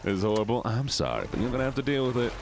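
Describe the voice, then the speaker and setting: A man's voice: mid-range voice, rapid-fire, vocal fry. A man hosting a live gaming stream in casual, teasing chat, laughing often and talking to his viewers. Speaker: streamer and host. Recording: steady background noise.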